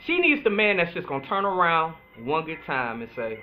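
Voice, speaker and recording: Animated man on a tinny line. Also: fairly high pitch. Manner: animated, chatty, playful, drawls some words slowly. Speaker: podcast host, astrologer. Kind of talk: casual solo talk. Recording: tinny phone-like sound with faint music.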